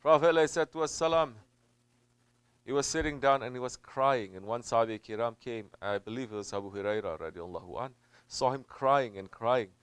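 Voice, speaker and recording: A man, a Sufi teacher, preaching a sermon in an emphatic way. He drops to low murmurs, then builds to loud, stressed peaks, and he repeats phrases for weight. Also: fairly quick, clean tone, no echo. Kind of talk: sermon answering a question.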